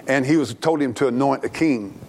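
A man's voice: medium pitch, a little fast, a little mellow. A middle-aged man preaching a sermon as pastor, earnest and plainspoken, often restarting his sentences.

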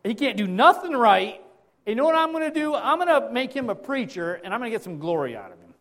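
A man voicing God as an excited, exclaiming male figure during a sermon, raising his voice high and loud. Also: fast talker, heavily acted. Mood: amused.

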